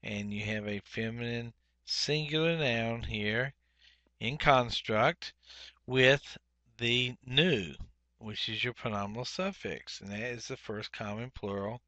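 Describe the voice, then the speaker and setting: A man teaching a Biblical Hebrew workbook lesson, speaking deliberately and saying each Hebrew word twice, with frequent "uh" fillers. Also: medium pitch, bright, forceful tone, no echo, muffled recording. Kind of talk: workbook lesson, explaining grammar.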